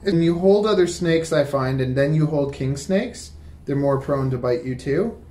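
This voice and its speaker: A man's voice: on the high side, moderate pace, warm tone, echoey room, slight background noise. A man hosting a casual home chat, playful and teasing, laughing often. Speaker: reptile keeper and channel host. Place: home dining room.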